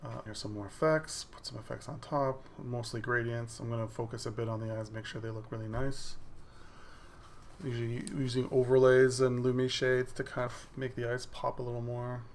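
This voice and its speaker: A man's voice: mid-range voice, flat delivery, normal speed, a little hiss or hum. A man casually narrating over a video of his digital drawing, explaining each step as the work plays on screen. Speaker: digital artist.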